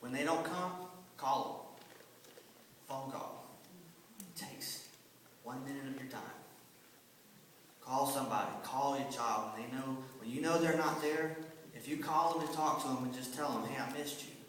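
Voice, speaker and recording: A man's voice: mid-range voice, unhurried, pauses often, a bit bright, a little hiss or hum. A man who teaches a children's church class, giving an earnest testimony with lots of repetition for emphasis. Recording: echoey hall from far off.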